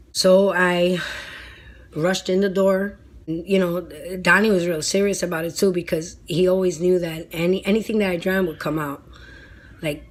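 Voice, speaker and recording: A woman vlogger telling a personal story in a casual, animated and dramatic way, blunt and free with swearing. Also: low-pitched, slight background noise. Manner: animated, dramatic retelling with lots of "like".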